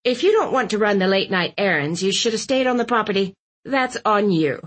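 A woman's voice: medium pitch, expressive, fairly quick, a bit bright, husky. A woman voicing a bossy, blunt elderly aunt who barks her words with scorn. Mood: scornful. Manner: barking, scornful.

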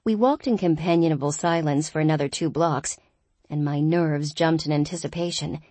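A woman reads a first-person audiobook with a wry, lightly humorous touch. Her voice is low, and the recording is dry and close, with no room echo. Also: normal speed, warm tone. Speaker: audiobook narrator.

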